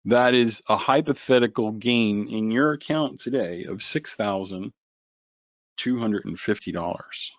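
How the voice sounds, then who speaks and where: A man hosting a live trading webinar, joking and animated as he talks to viewers by name. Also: on the low side, unhurried, dry recording. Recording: dull lo-fi webinar audio.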